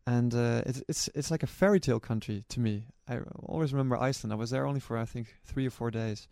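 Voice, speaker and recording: A man's voice: mid-range voice, fast, vocal fry, warm tone, no room sound, clean studio sound. A man, a relay runner and organizer, recalls his experiences in an earnest storytelling way, often restarting his sentences. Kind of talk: personal recollection to camera.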